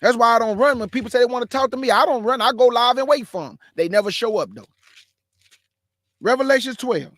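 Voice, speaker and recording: High-voiced fast-talking preacher man. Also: fairly bright tone, dry recording, studio quality. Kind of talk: live-streamed bible teaching.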